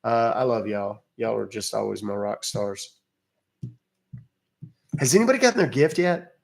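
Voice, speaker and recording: A man's voice: fairly low pitch, animated, moderate pace, creaky. A man hosting a livestream, chatting casually with viewers, wisecracking and swearing offhandedly. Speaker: livestream host calling scammers.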